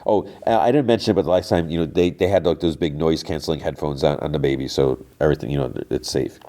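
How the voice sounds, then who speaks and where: A man's voice: rumbling low, quick pace, mellow. A man hosting a podcast, giving a casual, rambling recap of a TV episode and quoting the characters as he goes. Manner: rambling, quotes characters with lots of "he's like". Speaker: podcast host.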